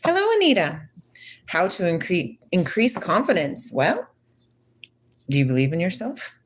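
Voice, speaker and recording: Animated, rambling woman in her forties. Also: on the low side, a little slow, a little hiss or hum. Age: 40s. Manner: rambling, dreamy and playful, reads chat comments aloud. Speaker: livestream host. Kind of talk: casual chat with live chat.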